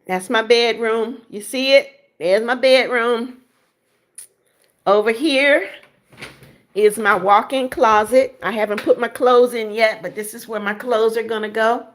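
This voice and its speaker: Woman, livestream host, slightly high voice, chatty, reads comments aloud, casual home tour, indoors, phone mic. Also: unhurried. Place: her apartment, indoors.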